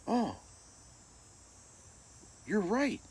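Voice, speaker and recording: A blunt middle-aged football coach barks out orders in a voice pitched well above normal, as a man puts him on. He is bossy and brusque, a figure in a spoken story. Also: wildly swooping pitch, very slow, darkish tone, husky, exaggerated voice.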